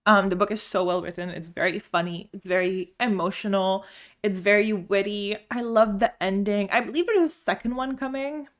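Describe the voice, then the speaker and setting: A woman's voice: medium pitch, normal speed. A young woman reviewing her monthly reading in a casual vlog, gushing and chatty, often restarting her sentences. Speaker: book vlogger. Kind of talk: casual book review chat. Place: home room lit by sun.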